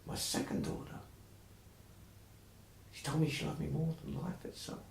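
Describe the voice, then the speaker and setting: A man voicing a grieving old father who is full of remorse, speaking slowly and sorrowfully. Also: a little high, level tone, creaky, darkish tone, slight background noise, pitched above the performer's own voice. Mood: remorseful. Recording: roomy echo.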